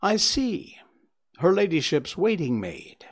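A man reading aloud and voicing a sharp, self-assured gentleman detective who talks in a brisk, commanding, lightly mocking way. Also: a little high, very animated, pitched above the performer's own voice, heavily acted. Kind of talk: audiobook character reading.

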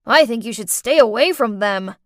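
A woman voicing a concerned male friend giving loud advice in an animated story. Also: fairly high pitch, moderate pace, no room sound, studio quality, natural voice. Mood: worried.

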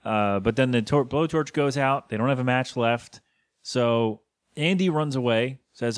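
A man's voice: mid-range voice, clean tone, dry recording. Joking man recapping a show, dry mic. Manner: joking, retells scenes with quick put-on quotes. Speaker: podcast co-host. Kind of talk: casual episode recap chat.

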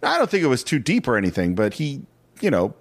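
A man's voice: mid-range voice, wildly swooping pitch, fast talker, dry recording. A man co-hosting a film podcast in casual chat, retelling scenes in detail. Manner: detailed storyteller who acts out quoted lines.

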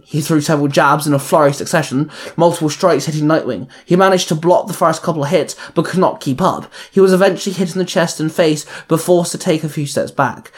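A man narrating a superhero fan fiction story in a plain storytelling manner. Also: a little high. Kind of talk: reading fan fiction aloud.

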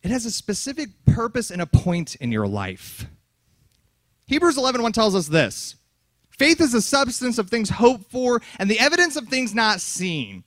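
A man preaching a fiery sermon at a youth conference, yelling hard and then dropping to soft, close asides. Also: very high voice, very animated, moderate pace, no room sound.

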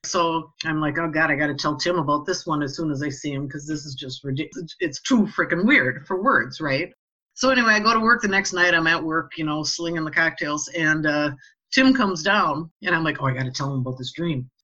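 A woman telling a personal story in a casual, animated way, acting out the voices of the people in it. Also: low voice, fairly quick, lo-fi sound.

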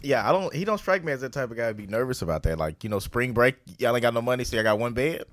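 A man's voice: medium pitch, animated, rapid-fire, no room sound, studio quality. A man co-hosting a podcast, teasing and telling slangy stories in casual banter.

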